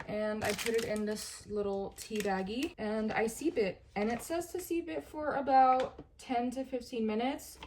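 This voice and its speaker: A woman's voice: mid-range voice, background noise. A woman vlogging about wellness to the camera in a casual, earnest way, repeating her pleas for emphasis.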